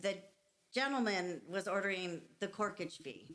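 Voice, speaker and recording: A woman's voice: medium pitch, moderate pace, background noise. Playful woman telling a work story. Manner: lively, playful, mock-formal quoting. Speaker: server sharing work stories. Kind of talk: casual storytelling chat.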